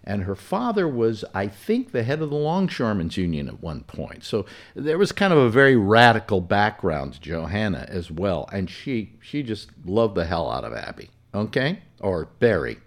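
A man's voice: lowish voice, very animated, normal speed. A man telling a personal story in casual, rambling fashion, full of fillers and self-corrections. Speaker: storyteller recalling personal memories.

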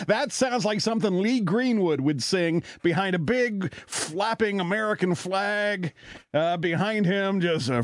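A man's voice: sits high, takes it slowly, no echo, studio quality. A Canadian man hosting a casual talk show, telling stories in a rambling way with lots of fillers and laughter. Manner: rambling, animated, laughs often, many fillers. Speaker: radio talk show host. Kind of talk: casual storytelling chat.

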